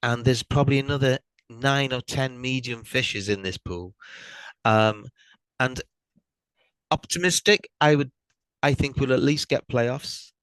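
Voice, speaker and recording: A middle-aged Welsh man guesting on a podcast, speaking in a thoughtful, hesitant way with many pauses. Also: medium pitch, fairly bright tone, smooth, no echo, rough recording. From Wales. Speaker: guest fan. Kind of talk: casual podcast chat.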